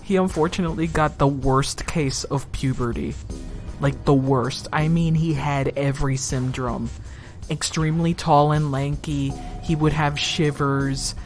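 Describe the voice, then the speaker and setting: Young woman, low voice, slow pace, casual profane game streamer. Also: fairly even intonation, soft background music. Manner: casual and profane, thinking aloud. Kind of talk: live game playthrough, reading dialogue aloud.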